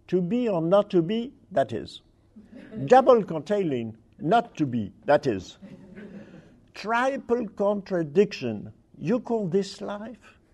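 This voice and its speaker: Slow, high-voiced man reading wordplay. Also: darkish tone. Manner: playful, deliberate delivery of list items. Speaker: speaker presenting literary wordplay. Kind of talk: reading examples aloud to an audience.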